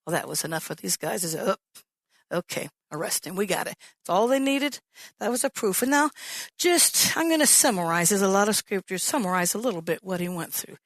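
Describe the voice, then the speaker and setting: A woman pastor delivers a sermon in a mid-pitched voice, swinging between loud, bright acted-out lines and hushed, low emphasis. The sound is dry and close, with no room echo. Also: brisk. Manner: animated storytelling, acts out quoted voices.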